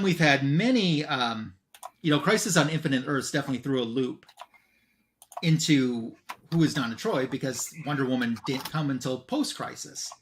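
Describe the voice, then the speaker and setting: A man co-hosting an online show, casually retelling a comic book plot and quoting the characters in an offhand way. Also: mid-range voice. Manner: retells scenes with "he's like" quotes. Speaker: co-host.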